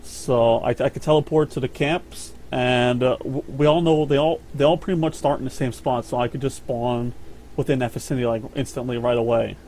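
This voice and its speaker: A man's voice: mid-range voice, fairly even intonation, fairly quick, a little mellow. A man talks through a gameplay breakdown in a loose, rambling podcast style. He swears freely and stumbles over his words, with a faint hiss behind his voice. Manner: rambling, profane, repeats words. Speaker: podcast host. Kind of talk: casual gaming chat.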